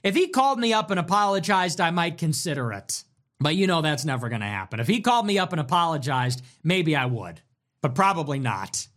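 A man's voice: fairly high pitch, a little fast. A man hosting a livestream, chatting casually and reacting to donations in a sarcastic, provocative, joking way. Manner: animated, sarcastic, provocative, jokey. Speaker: livestream host reading donations.

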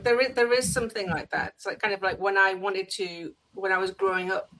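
A woman in casual chat, lively and quick to chime in. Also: medium pitch, low-quality recording.

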